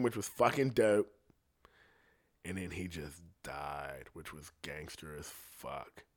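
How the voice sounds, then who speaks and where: A young man rambles through a casual rant at an ordinary middle pitch. He swears constantly and restarts his sentences as he goes. His voice swings from excited bursts to low, mumbled asides. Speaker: singer ranting to camera.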